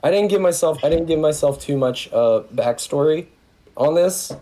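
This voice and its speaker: A man playing a tabletop game, chatting casually in a halting, rambling way and swearing freely. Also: on the high side, lively intonation, noisy background. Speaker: player.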